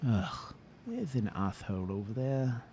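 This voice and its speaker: A man plays a fussy, bookish adventurer in a video game, easily flustered and fond of prim, formal phrasing. His pitch swings widely, and his delivery is slow and drawn out. He grumbles to himself between lines. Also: sing-song, mellow, a little hiss or hum. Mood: exasperated. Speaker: gameplay narrator voicing his character. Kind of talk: in-character gameplay commentary.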